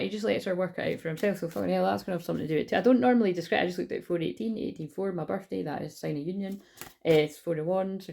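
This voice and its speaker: A woman's voice: on the low side, creaky, a little mellow. A young woman giving a casual, rambling tarot reading, chatty and swearing freely. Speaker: tarot reader.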